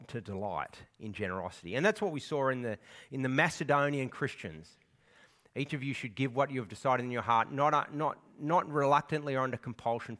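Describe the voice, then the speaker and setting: A man's voice: mid-range voice, a bit bright. A man preaching a sermon to his congregation, earnest and conversational, with swells of emphasis. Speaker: pastor.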